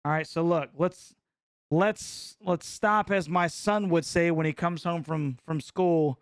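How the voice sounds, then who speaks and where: Middle aged guy from north carolina on a live stream, kinda high voice, teasing his chat, dry close mic. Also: takes it slowly, clean tone, no echo. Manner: joking, mocking, excitable banter. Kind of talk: casual live reaction stream.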